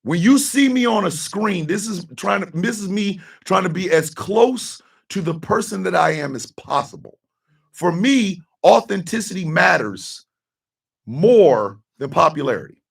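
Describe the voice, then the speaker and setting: Gravelly emphatic male talk show host. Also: high voice, expressive, measured pace, far from the mic. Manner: emphatic, blunt and profane, repeats key lines. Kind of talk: personal monologue on a talk show.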